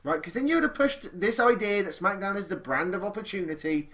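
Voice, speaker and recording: A man co-hosting a casual wrestling chat, quick and joking with plenty of swearing. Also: high-pitched, expressive, fairly bright tone. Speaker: podcast co-host.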